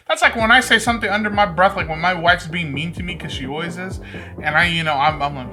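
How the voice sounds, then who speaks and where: A man's voice: sits high, fast talker, over music. A man with a lisp, joking and rambling as he reacts to a video. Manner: rambling, jokey, talks to the screen.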